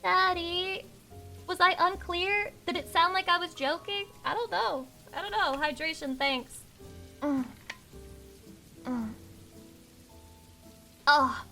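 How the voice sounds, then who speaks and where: Loud young woman streamer reading chat, cursing a lot, faint music behind. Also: very high voice, slow pace, pauses often. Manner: brash, swearing, reads chat aloud. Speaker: VTuber streamer. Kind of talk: live stream chat reacting.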